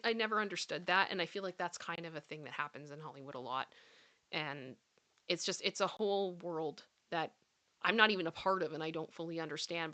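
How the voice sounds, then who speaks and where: A woman's voice: lowish voice, bright, forceful tone. A woman hosting a live commentary chat, chatty and giggly, often repeating her phrases. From Canada. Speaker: commentary show host.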